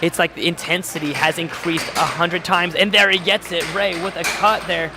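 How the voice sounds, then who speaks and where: A man doing live-stream sports commentary, calling plays in quick bursts and reading chat aloud with jokes. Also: a little high, steady tone, noisy background. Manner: rapid play-calling, reads chat aloud, jokey. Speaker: play-by-play commentator. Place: home studio.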